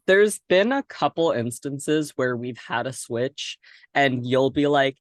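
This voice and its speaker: A man's voice: medium pitch, animated, slow, no echo. Giggly young man hosting a podcast. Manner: giggly, rambling with fillers. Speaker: podcast host. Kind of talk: casual podcast chat.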